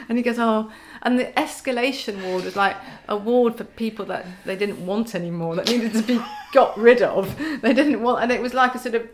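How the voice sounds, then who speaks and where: A woman's voice: fairly high pitch, a little fast, few pauses, a little hiss or hum. A middle-aged woman, a podcast guest telling stories in casual chat with wry humour and frequent laughter.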